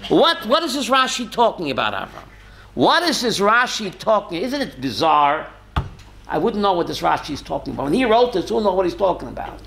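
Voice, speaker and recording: A rabbi leads a lively Torah class, posing rhetorical questions, calling on students by name, and chuckling often. His voice is high-pitched and gravelly, and he speaks a little fast.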